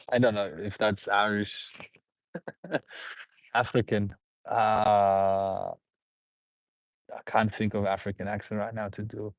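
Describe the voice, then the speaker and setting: A man with a fairly low, level voice hosts a livestream, rambling slowly through viewer comments with long pauses, laughing and repeating himself. The sound is dull, dry and lo-fi, with no echo.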